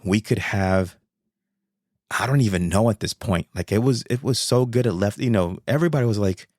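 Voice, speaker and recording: This podcast host, a man with a low voice, delivers casual commentary alone, rushing excitably and rambling, cursing without restraint, and returning again and again to the same points. He talks at normal speed, and the sound is close and dry, with no echo or room around it.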